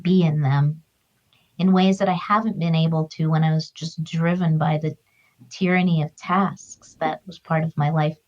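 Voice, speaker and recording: Earnest middle-aged woman, lower voice. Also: fairly even intonation, moderate pace, darkish tone, muffled recording. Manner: emotional, earnest and reflective. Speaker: guest, author and grief counselor. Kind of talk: heartfelt conversational storytelling.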